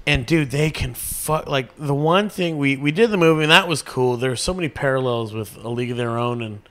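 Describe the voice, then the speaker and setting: A man's voice: mid-range voice, fairly quick, fairly bright tone. A man co-hosting a casual podcast, telling a loose story with fillers and swearing. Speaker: podcast co-host. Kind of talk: casual profane podcast banter.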